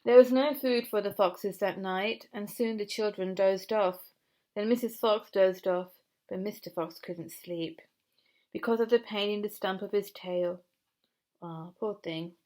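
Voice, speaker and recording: A woman reading a children's story aloud in a gentle, expressive way, with asides to a puppet. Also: medium pitch, a little slow.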